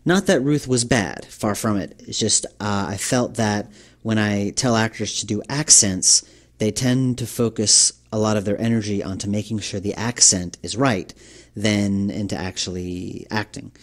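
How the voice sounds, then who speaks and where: Game developer from New York, man; casual, rambling commentary, lowish voice. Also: a little slow. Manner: rambling, many fillers and restarts.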